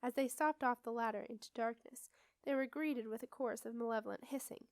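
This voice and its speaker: A woman reading a children's fantasy novel aloud in steady, expressive storybook narration. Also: fairly high pitch, brisk, no room sound. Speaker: audiobook reader.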